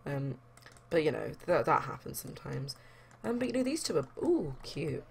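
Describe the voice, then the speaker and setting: A woman's voice: deep voice, very animated, moderate pace, vocal fry, darkish tone. A young woman chatting casually as a let's play host, rambling with lots of fillers. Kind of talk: casual game commentary.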